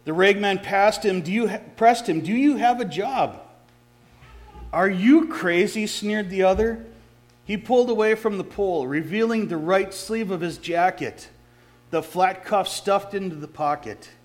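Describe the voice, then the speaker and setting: A man's voice: high voice, moderate pace. A man, a pastor, reading a story aloud in a sermon, catching and correcting his small slips as he goes.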